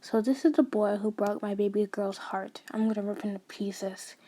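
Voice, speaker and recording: A woman reading the lines of an angry, protective middle-aged mother who stays flat and coldly polite. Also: mid-range voice, normal speed, close to an everyday voice. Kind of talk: audio fanfiction reading.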